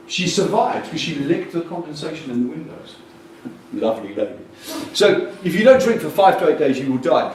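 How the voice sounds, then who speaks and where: A man giving a lively, jokey, blunt conference talk on communication, bursting out loudly now and then. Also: a little high, a little fast. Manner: animated, jokey and blunt, with sudden loud bursts. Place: large conference hall. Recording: distant echoey hall recording with faint noise.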